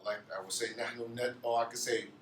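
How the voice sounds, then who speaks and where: A man's voice: medium pitch, flat delivery, fast, a bit bright, distant mic, slight background noise. A man teaching an Arabic grammar class, asking his students questions and answering them himself. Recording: echoey room, off-mic, faint ambience.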